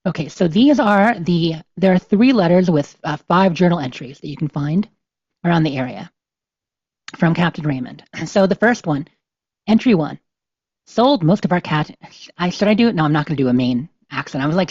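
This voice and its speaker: A woman's voice: low-pitched, expressive, normal speed, a little mellow, breathy edge, no room sound. A woman hosting a podcast in casual, rambling chat with many fillers, at times reading game notes aloud. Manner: rambling, lots of "you know" fillers. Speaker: podcast host. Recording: slightly dull, dry lo-fi sound.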